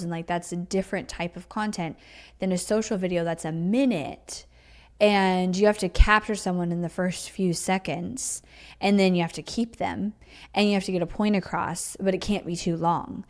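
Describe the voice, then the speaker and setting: Her voice sits fairly low, steady and a little mellow, moving at a moderate pace. Hosting a solo podcast, she chats off the cuff in an emphatic, teacherly tone, leaning heavily on "like" and "you know."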